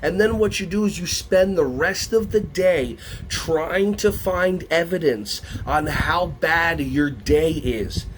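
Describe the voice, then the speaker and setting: An animated man presents a lively workshop for teachers in a slightly high, slow voice. He asks the audience questions and slips into playful voices to act out what others say. Faint ambience hums beneath the recording, with slight background noise.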